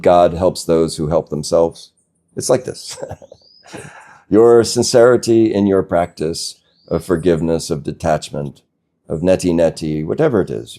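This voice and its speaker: A man giving a slow, gentle spiritual talk as a teacher, reflective and unhurried, now and then laughing softly. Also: deep voice. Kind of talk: satsang talk.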